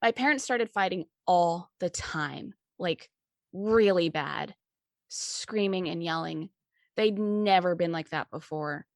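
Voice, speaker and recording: A woman puts on a scared, strung-out teenage boy whose words tremble and stumble as he forces them out. The voice sits fairly low and sounds dry and close. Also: dry recording. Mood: upset. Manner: trembling, halting, stammering.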